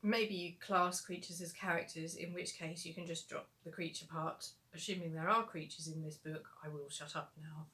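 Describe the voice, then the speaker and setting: A woman's voice: low voice, fairly even intonation, normal speed, hardly any pauses, bright, forceful tone. A young adult woman, an author answering viewer questions in a casual livestream Q&A, chatty and rambling with lots of fillers.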